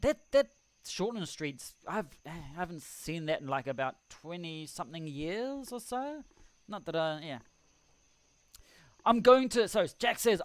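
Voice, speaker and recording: New man, fairly high voice, dry close mic, rambling live-stream host who chuckles at himself. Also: clear, resonant tone, no echo. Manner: rambling, chuckling, self-deprecating. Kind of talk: casual live-stream chat. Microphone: desk microphone.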